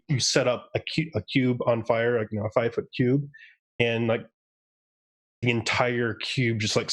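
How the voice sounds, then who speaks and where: A man narrating as game master of a tabletop game livestream, casual and rambling, with frequent ums. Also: medium pitch.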